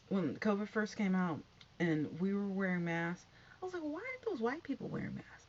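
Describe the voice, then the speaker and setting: A middle-aged woman talks through gossip in a chatty, sassy way, now and then sinking to a hushed aside. Her voice sits at a middle pitch for a woman. The recording sounds dull and lo-fi, with a faint hiss behind her. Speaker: commentary vlogger. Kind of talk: casual gossip commentary.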